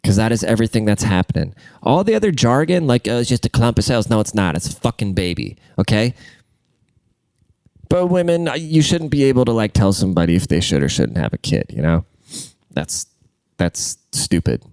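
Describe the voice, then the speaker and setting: A congested young man hosting a podcast by himself rants in a lowish voice with vocal fry, big pitch swings and a fairly quick pace. His crude, rambling talk jumps from loud to muttered, and there's no echo.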